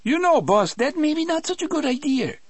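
A jittery little Cajun prisoner, shrill, high and trembling, prissy, dry close sound. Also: male voice, very animated, a little fast, dry recording. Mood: nervous.

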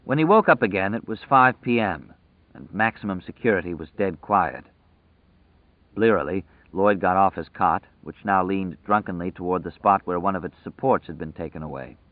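Male audiobook narrator, lowish voice, measured and dramatic, dry tinny phone-quality sound. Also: no room sound.

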